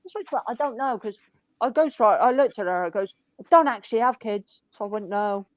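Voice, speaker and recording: A woman, telling shop stories in a blunt, sweary, deadpan way. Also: a little high, fairly quick, dry recording. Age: 20s. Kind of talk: casual chat. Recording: dull lo-fi dry sound.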